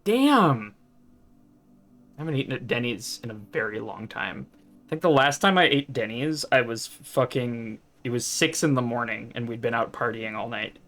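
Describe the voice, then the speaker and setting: A man's voice: mid-range voice, expressive, moderate pace, fairly bright tone. A man chatting casually as he live-streams a video game, thinking aloud and laughing often.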